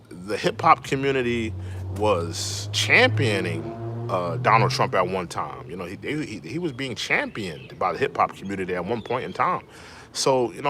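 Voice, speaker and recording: A man's voice: mid-range voice, bright, forceful tone, slight background noise. A man hosting a casual livestream, giving his opinions at length with many "you know" fillers. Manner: reads viewer comments aloud and answers them. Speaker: livestream host.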